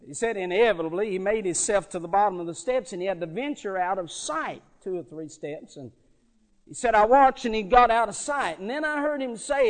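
A high-pitched man preaching. He stretches words out slowly, drops to near-quiet, then builds to ringing emphasis, in the rolling cadence of a revival sermon. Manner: dramatic swells from soft to loud, slow drawn-out words.

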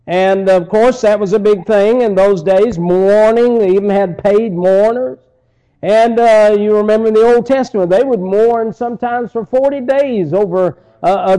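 High-voiced, mellow preaching man. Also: poor audio. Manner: preaching with rising and falling emphasis, repeated phrases. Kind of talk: sermon.

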